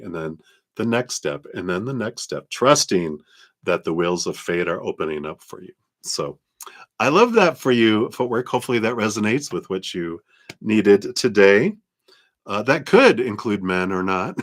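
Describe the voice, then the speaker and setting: Low-voiced man giving a tarot reading. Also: big pitch swings, normal speed. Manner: gentle, reflective, laughs often. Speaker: tarot reader. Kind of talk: live-stream tarot reading.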